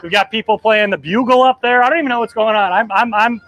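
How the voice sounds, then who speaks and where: A man in his thirties hosting a live travel vlog from the deck of a cruise ship, excited and emotional, his voice trembling and choking up as he rambles. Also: high-pitched, fast talker, a little hiss or hum. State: trembling, choked up. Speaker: travel agency host.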